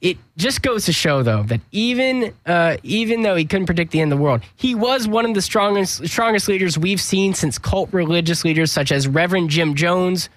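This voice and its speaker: A man's voice: high-pitched, animated, moderate pace, few pauses, no echo. A young man hosting a comedy news segment, sarcastic and joking, often stumbling and restarting his sentences. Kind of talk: mock news comedy monologue.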